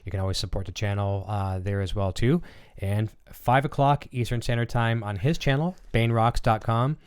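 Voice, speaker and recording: A man's voice: on the low side, moderate pace, clear, resonant tone. A man hosting a casual live-stream chat with his son, talking loosely and filling gaps with ums and uhs. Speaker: channel host and father.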